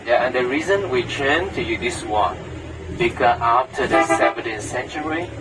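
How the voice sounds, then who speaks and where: A man with a Vietnamese accent, a tour guide explaining things to tourists in halting English full of "uh" fillers, inside a tour bus. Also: mid-range voice, lively intonation. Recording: from a distance on a bus, music behind.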